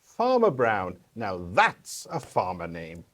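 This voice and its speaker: A man's voice: fairly low pitch, wildly swooping pitch, slow, a bit bright, heavily acted. A man voicing a talking male viper with a British accent in a radio play, wry and teasing.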